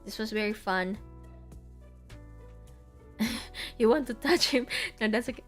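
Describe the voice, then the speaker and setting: A woman's voice: fairly high pitch, unhurried, long pauses, soft background music. A woman streamer chatting casually over trip photos, giggly and full of fillers. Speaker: vtuber streamer.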